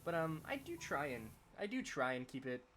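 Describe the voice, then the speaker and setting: A man's voice: on the high side, sing-song, normal speed, a bit bright, slight background noise. A young man streaming a game, chatting casually and rambling as he thinks aloud, often restarting his sentences. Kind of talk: casual chat while playing a game.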